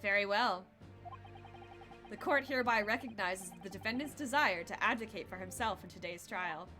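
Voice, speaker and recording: A woman voicing an old male courtroom judge in a game, speaking slowly and formally in a lowered voice. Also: pushed and bright, soft background music, natural voice.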